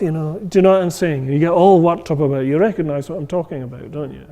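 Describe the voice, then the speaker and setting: A man's voice: fairly high pitch, fast talker, vocal fry, few pauses, warm tone. A man teaching a meditation class in a loose, conversational way, full of fillers and checks for understanding. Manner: conversational, many fillers, acts out inner voices. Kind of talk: informal class talk. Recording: long reverb in a hall.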